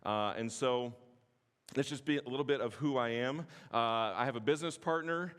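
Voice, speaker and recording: A man, teaching at a conference in a passionate, sometimes forceful way with joking asides. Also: medium pitch, moderate pace, smooth. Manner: passionate, can sound forceful; self-deprecating joking asides. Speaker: conference speaker. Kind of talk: teaching sermon. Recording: long hall reverb.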